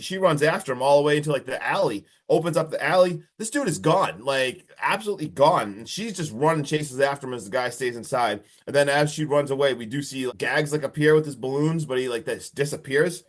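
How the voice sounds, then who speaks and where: Rambling young man recapping a film. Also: on the high side. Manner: rambling, animated, lots of filler and mild swearing. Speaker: podcast co-host reviewing a film. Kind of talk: casual movie recap.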